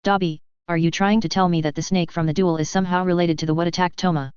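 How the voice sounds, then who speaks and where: Woman playing an earnest teen boy wizard, pushy questions, a bit higher, clear voice. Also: steady tone, fast talker, darkish tone, dry recording, lo-fi sound, lightly acted.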